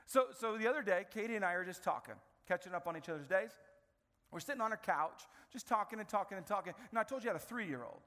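A man in his thirties preaching a sermon as a pastor, telling family stories in an animated way and acting out the scenes. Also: high voice, quick pace, long reverb tail.

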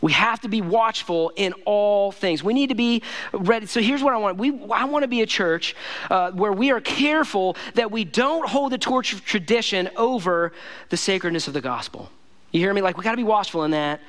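High-voiced man preaching a casual sermon. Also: animated, brisk, fairly bright tone. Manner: conversational, emphatic, repeats phrases, says "man" and "listen to me". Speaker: pastor.

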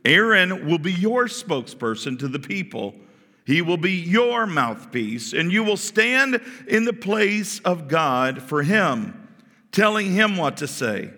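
A man acts out the voice of God from the burning bush, stern and commanding. The delivery booms, pitched well above a normal speaking voice, with a bright, forceful edge. A long reverb trails behind it as in a large hall. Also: animated, unhurried, full character voice. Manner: booming, emphatic, raised voice.

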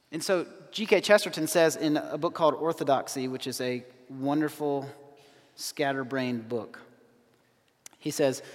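A man's voice: on the high side, fairly bright tone, in a large hall. A man preaching a sermon, earnest and emphatic, quoting scripture with rising emphasis. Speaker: pastor.

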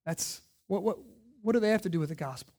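A man preaching a sermon as pastor, asking rhetorical questions and swinging from hushed lines to loud emphatic ones. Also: high voice, animated, fast talker.

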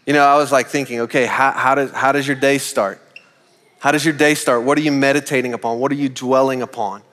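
A man's voice: medium pitch, steady tone, brisk, fairly bright tone. A male pastor delivers an earnest sermon in a mid-range voice. He repeats his key points and poses rhetorical questions to the congregation. His voice carries a long reverb through the church hall.

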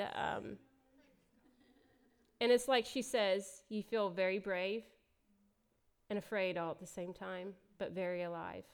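A woman's voice: fairly low pitch, smooth. A middle-aged woman giving a candid, emotional personal testimony as a church speaker, laughing often as she talks.

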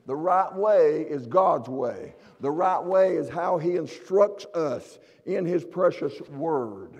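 Preacher, male, high-pitched, fervent and repetitive, church with long reverb. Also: expressive, takes it slowly, darkish tone, slightly rough, highs cut off. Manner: preaching fervently, repeats and restarts phrases. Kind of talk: sermon. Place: church sanctuary.

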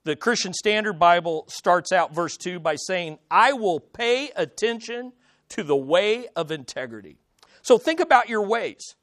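Pastor, man, sermon delivery, asks rhetorical questions and leans on pauses, dry sound. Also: high voice, no room sound.

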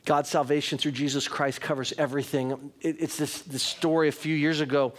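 Middle-aged pastor guy preaching, kinda high voice, earnest, talks right at the crowd. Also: flat delivery, a little fast. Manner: earnest, rising to emphatic, uses direct address. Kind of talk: sermon.

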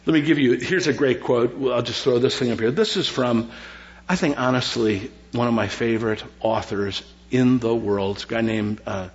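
A middle-aged man, preaching a sermon as pastor in an animated, joking way with lots of repetition. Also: medium pitch, normal speed, roomy sound. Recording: dull lo-fi sound.

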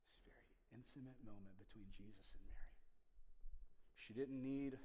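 A man preaching a sermon as pastor, swinging from loud, passionate rises to hushed near-whispers. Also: fairly low pitch, normal speed. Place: church sanctuary. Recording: long reverb of a large room.

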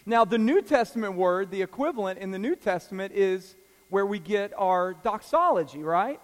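A man's voice: high-pitched, animated. Man preaching in a reverberant church. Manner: conversational preaching with fillers and asides; reads scripture aloud at a measured pace. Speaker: pastor. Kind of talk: sermon. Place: church sanctuary.

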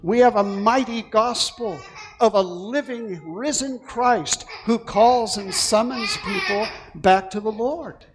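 A male pastor delivers an excited, animated sermon in a high voice, pausing often and taking his time. He breaks off for playful asides to people in the congregation, with a faint hiss of noise in the background.

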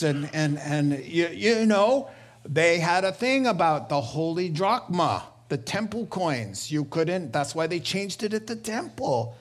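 Animated male pastor, higher voice. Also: a little slow. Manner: animated storytelling with voiced quotes and laughter. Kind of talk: sermon.

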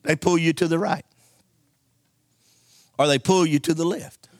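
A man's voice: a little high, steady tone, measured pace, dry recording, clean studio sound. A man preaching a sermon, telling folksy stories and calling for amens from the congregation. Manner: call-and-response preaching, folksy storytelling.

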